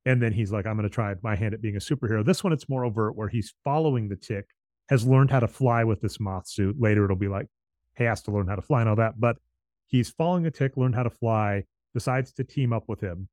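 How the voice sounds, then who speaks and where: A man co-hosting a casual chat about comics, explaining at length and retelling scenes with quick quoted voices. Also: fairly low pitch, darkish tone, no room sound. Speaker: podcast co-host.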